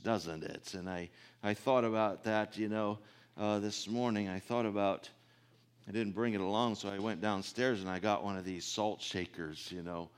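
Folksy male preacher, loud on key points. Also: lowish voice, measured pace. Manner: frequent throat clearing. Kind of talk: sermon.

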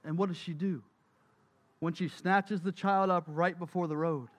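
A man's voice: sits high, fairly even intonation, moderate pace. A man preaching a sermon, telling stories emphatically and repeating key phrases. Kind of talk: sermon storytelling.

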